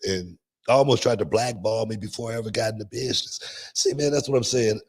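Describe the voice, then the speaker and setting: A man's voice: lowish voice, fairly quick, breathy edge. A middle-aged man hosting a podcast, telling stories in a laid-back, repetitive way and laughing often. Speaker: podcast host and wrestling promoter. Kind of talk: casual podcast storytelling. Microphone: podcast microphone, remote stream.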